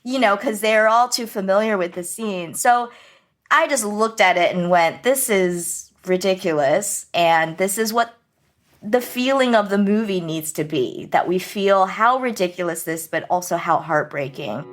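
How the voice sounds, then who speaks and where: A woman film director in an interview, telling family stories in a lively way, laughing and acting out scenes. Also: mid-range voice, normal speed. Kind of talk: animated interview storytelling.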